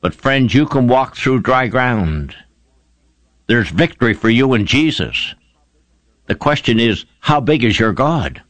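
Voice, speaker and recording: A man's voice: medium pitch, expressive, a little slow, a bit bright, no room sound. A man preaching a sermon, retelling scripture stories with fervent, emphatic delivery. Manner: fervent, emphatic storytelling with rising exclamations.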